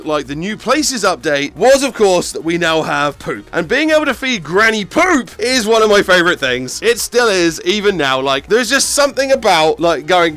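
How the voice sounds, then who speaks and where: Male gaming host, high voice, sharp tone, excitable teasing commentary. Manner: playful, teasing, bursts into shouts. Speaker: gaming YouTuber.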